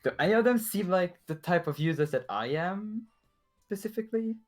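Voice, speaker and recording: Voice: mid-range voice, animated, moderate pace, soft background music. A player in a tabletop game, talking in an easygoing, hesitant way. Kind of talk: casual tabletop play.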